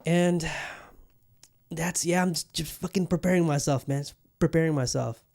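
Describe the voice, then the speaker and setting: A man's voice: on the high side, normal speed, creaky, a little mellow. A man hosting a podcast in loose casual chat, rambling with frequent swearing and restarts. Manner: rambling, profane and self-interrupting. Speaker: podcast host.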